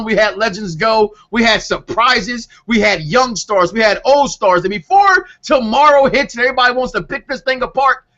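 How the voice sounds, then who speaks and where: A man co-hosting a wrestling podcast, talking in an excited, animated way and often repeating himself. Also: very high-pitched. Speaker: podcast co-host. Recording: dull lo-fi call audio.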